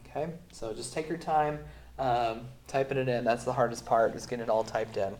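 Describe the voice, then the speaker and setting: A man who is sick, teaching a recorded math lesson in a relaxed way with many fillers, going through the steps slowly. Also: medium pitch. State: sick, voice sounds off. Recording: roomy echo.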